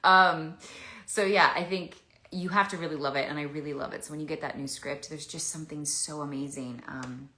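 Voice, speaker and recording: A woman's voice: low-pitched, fairly even intonation, fairly quick, hardly any pauses, sharp tone. A woman answering fan questions in a casual livestream chat, rambling with many restarts. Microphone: phone. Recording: echoey room.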